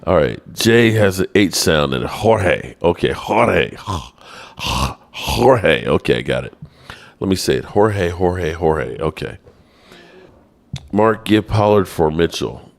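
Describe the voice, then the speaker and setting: A man hosting a casual live-stream sports show, reading the chat aloud in a playful, self-mocking way. His voice leaps high when he gets exasperated. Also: lively intonation, a little slow, creaky.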